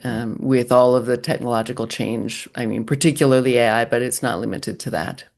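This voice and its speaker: A middle-aged woman, a running coach, answering interview questions in a measured, thoughtful way. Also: very deep voice, steady tone, creaky, darkish tone.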